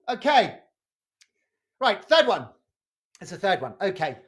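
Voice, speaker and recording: Slow, lively-pitched charades leader on a video call. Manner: slow, checks in with "okay?" after each clue. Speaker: community drama workshop leader. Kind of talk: leading a charades game over video call.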